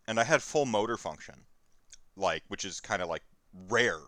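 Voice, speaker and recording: A man in his thirties, a stream host, telling a candid personal story in a rambling, halting way with many fillers. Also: lowish voice, expressive, a bit bright, no echo.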